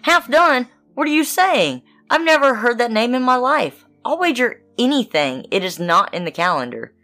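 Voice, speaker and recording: A woman's voice: fairly low pitch, sing-song, normal speed, bright, forceful tone, faint music behind, exaggerated voice. A woman voicing a trusting little female mouse in a fairy tale, with a raised, eager, fussy delivery.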